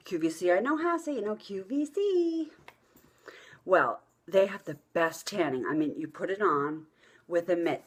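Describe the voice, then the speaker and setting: A husky, lower-pitched woman in middle age chats straight to her viewers. She tells stories bluntly and with plenty of profanity, animated and unfiltered. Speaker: vlogger. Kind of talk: casual storytelling to camera.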